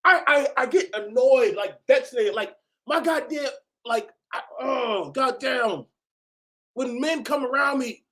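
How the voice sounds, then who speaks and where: A high-voiced man talks over clips he is reacting to. He is loose and profane, and his voice swings into sudden shouts. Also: slow. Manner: animated, profane, bursts into shouting. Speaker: host reacting to videos. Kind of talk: casual reaction commentary.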